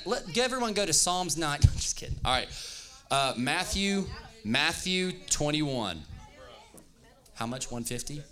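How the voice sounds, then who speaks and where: A man preaching as pastor at a lively youth service has a voice on the high side, pushed and bright. He reads scripture aloud and jokes playfully with his audience during the sermon.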